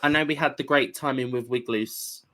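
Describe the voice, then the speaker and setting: A man co-hosting a podcast in casual chat, earnest and halting, often restarting his sentences. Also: medium pitch, fairly even intonation, sharp tone. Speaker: podcast co-host.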